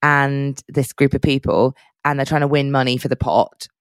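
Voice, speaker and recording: A man's voice: mid-range voice, steady tone, normal speed, clear, resonant tone, dry recording, clean studio sound. A man co-hosting a podcast, chatting in a gushing, playful way. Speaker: podcast co-host. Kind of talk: casual chat.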